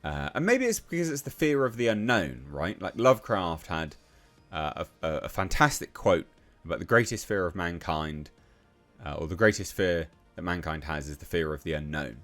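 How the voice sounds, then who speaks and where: A man's voice: low-pitched, animated, moderate pace, fairly bright tone, soft background music. An English man giving ranting commentary on a news article, reading passages aloud and then reacting with blunt, profane scorn. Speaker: online commentator.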